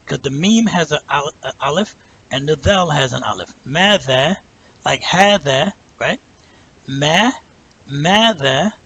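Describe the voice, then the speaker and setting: A man teaching a language lesson, explaining step by step, drawing out example words slowly and checking in with "right?" as he goes. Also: on the high side, fairly bright tone, slightly rough, poor audio. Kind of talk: patient spoken lesson.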